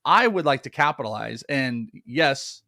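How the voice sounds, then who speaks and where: A man's voice: medium pitch, animated, unhurried, creaky, bright, forceful tone, dry recording, studio quality. A man co-hosting a live fantasy baseball stream, making emphatic points and repeating his key lines. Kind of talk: casual live-stream chat.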